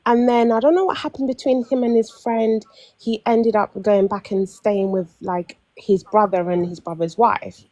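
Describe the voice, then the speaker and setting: A young London woman calling in to a panel tells a long personal story in casual chat, animated, acting out quotes and frequently restarting. Her medium-pitched voice moves at a moderate pace on a dry recording.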